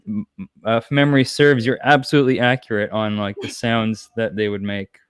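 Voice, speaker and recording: A man's voice: fairly low pitch, steady tone, a little fast, clean tone, no echo, clean studio sound. A man appearing as guest co-host in a casual chat, easygoing and a little hesitant.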